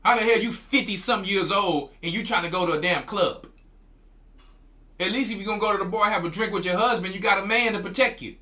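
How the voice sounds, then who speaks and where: A man's voice: high-pitched, fast, bright, forceful tone. A man, a church elder, preaching commentary in a scolding tone, often stumbling and repeating his words.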